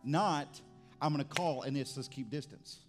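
A man's voice: medium pitch, normal speed, faint music behind. A middle-aged pastor preaching a sermon in a conversational way, often restarting his sentences.

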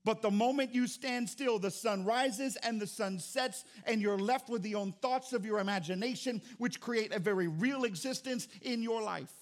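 A middle-aged man preaching a sermon as pastor, with dynamic delivery that swings from quiet to loud. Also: high voice, moderate pace, hardly any pauses.

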